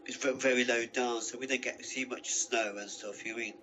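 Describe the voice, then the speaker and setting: A man's voice: medium pitch, fairly even intonation, quick pace, bright, forceful tone, a little hiss or hum. Rambling Coventry man on a muffled call. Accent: English Midlands, Coventry. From England. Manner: rambling, keeps asking "you know what I mean". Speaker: guest on a video call. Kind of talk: casual chat.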